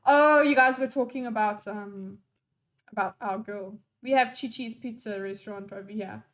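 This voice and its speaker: A woman's voice: mid-range voice, normal speed. A young woman live-streaming and chatting with her audience in a scattered, playful way and swearing freely. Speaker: live streamer reading chat. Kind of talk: unscripted live-stream chat.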